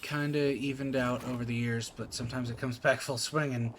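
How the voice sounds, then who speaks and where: A man's voice: medium pitch, fairly even intonation, a little fast, background noise. A man from Appalachia with a faint rural accent, chatting casually as a streamer and telling rambling stories full of fillers. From Appalachia, USA. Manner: rambling storytelling with many fillers. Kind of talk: casual chat while gaming.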